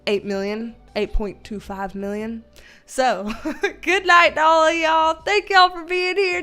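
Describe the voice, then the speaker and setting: Southern woman rambling on a livestream at home, high voice, laughs a lot. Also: steady tone, a little slow, sharp tone, soft background music. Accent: Southern American. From Southern United States. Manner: chatty, rambling, laughs often. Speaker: livestream host. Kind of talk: casual chat.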